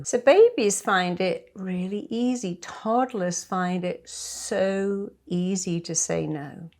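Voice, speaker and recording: A woman's voice: fairly low pitch, gravelly. An older woman, a therapist, giving advice and acting out little dialogues in different voices. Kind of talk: advice talk to camera.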